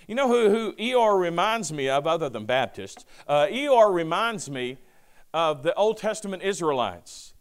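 Brief: male pastor, sermon delivery, high and animated, smooth clear voice. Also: a little slow. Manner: lively preaching with asides and quoted scripture.

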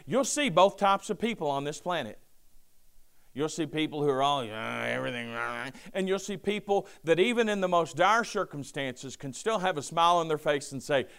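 A man preaching a sermon, reading scripture aloud with lively asides and a touch of sarcasm. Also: high-pitched. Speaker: pastor.

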